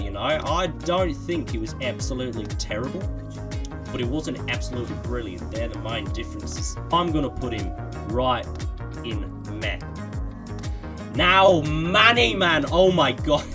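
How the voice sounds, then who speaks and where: A man in his twenties giving casual, opinionated player ratings in slangy chat. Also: mid-range voice. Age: 20s. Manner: slangy and opinionated, lots of "bro". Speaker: gaming YouTuber rating players.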